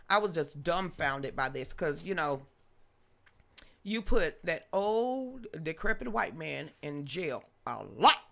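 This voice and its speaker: Sassy, animated woman commentator. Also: mid-range voice. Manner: sassy, animated, mocking, slangy. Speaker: host of a political live stream. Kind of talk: unscripted political commentary, greeting chat viewers.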